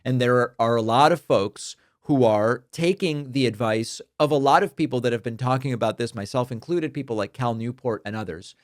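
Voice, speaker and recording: A man's voice: mid-range voice, no echo. Man hosting a talk podcast, dry sound. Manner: conversational, thinks aloud with fillers and restarts. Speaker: podcast host. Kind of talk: political commentary, reading listener mail.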